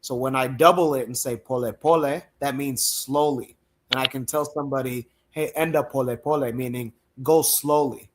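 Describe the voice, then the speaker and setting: A man whose first language is Swahili, raised in the United States, chatting on a podcast in a relaxed, friendly way and starting his thoughts with "um.". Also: mid-range voice, moderate pace, background noise. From East Africa, raised in the United States. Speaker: podcast host. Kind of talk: casual podcast chat.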